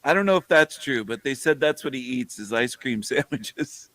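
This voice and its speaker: A man's voice: medium pitch, animated, normal speed, fairly bright tone, no echo. A man hosting a casual online panel, teasing and joking as he tells a story.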